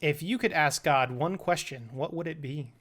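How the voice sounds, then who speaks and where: A young man co-hosting a casual chat show, firing off playful quick questions at his friend and laughing along. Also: fairly high pitch, very noisy. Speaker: podcast co-host.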